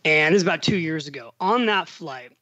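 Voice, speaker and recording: Lively middle-aged man telling a story. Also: a little high, fairly quick, no room sound, highs cut off. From United States. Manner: animated storyteller, acts out quoted dialogue. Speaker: podcast guest. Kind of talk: storytelling in casual conversation. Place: home in Italy.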